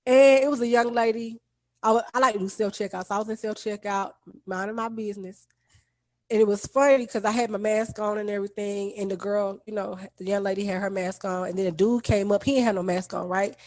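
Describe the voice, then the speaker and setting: A woman's voice: medium pitch, brisk, dry recording. A woman co-hosting a podcast, telling a story in casual, colloquial chat and acting out the people she quotes. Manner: animated, colloquial, acts out quoted voices. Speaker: podcast co-host.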